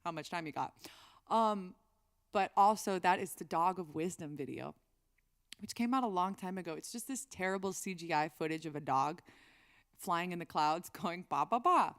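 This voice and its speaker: A woman's voice: lowish voice, normal speed. A woman singer-songwriter chatting on a live stream between songs, rambling and reading chat aloud.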